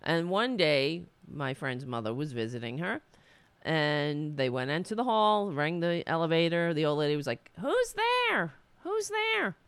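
A person streaming political commentary from home into a desk mic, ranting in an animated, sarcastic way with many restarts. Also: mid-range voice, moderate pace, clean tone, no room sound. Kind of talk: ranting casual commentary to camera. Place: home in New York. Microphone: desk mic with webcam.

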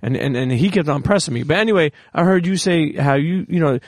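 A man hosting a podcast, telling stories in a lively, profane way in casual interview chat. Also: fairly high pitch, fast, no echo, clean studio sound. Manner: animated, profane storytelling. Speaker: podcast host.

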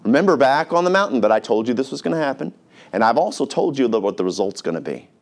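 Man doing a reassuring divine voice, calm, comforting, steady. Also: mid-range voice, fast talker, creaky.

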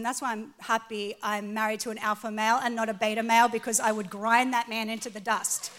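A woman in her forties preaching a sermon to a live audience, telling a funny story about her marriage. She is animated and pokes fun at herself, swinging from soft to loud. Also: fairly high pitch, fairly quick, hardly any pauses. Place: stage before a live audience.

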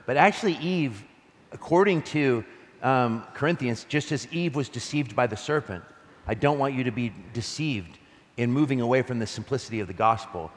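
A male pastor preaching a conversational, animated sermon, reading scripture and laughing between points. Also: medium pitch, moderate pace, big-room sound.

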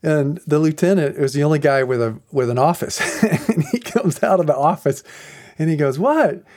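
A man's voice: on the high side, moderate pace. A middle-aged man who is a pastor, telling stories in a podcast and acting out the people in them. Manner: animated storyteller who acts out the people in his stories. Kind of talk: storytelling podcast talk.

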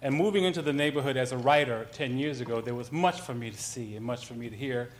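Animated male storyteller giving a talk. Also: medium pitch, fast, a little hiss or hum. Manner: conversational, animated storyteller with restarts. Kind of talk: lecture with storytelling.

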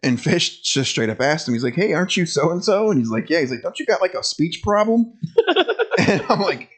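Lively young man telling a story. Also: a little high, moderate pace, husky. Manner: laid-back storytelling with laughs. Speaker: podcast co-host. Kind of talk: casual chat.

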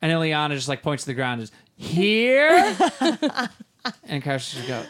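A man's voice: mid-range voice, steady tone, fast talker, a bit bright. A man co-hosting a podcast in casual chat, joking and laughing often. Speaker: podcast co-host.

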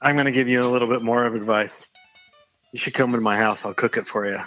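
A man's voice: medium pitch, fairly even intonation, fast, fairly bright tone, highs cut off, soft background music. A man calling in to a show, chatting playfully and teasing the host. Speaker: caller. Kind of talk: casual phone chat.

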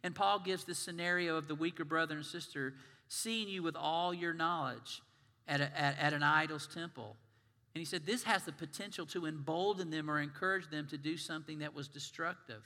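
A male minister preaching a sermon in a conversational, animated way, asking the congregation questions. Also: on the high side, fairly quick, long reverb tail. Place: church sanctuary.

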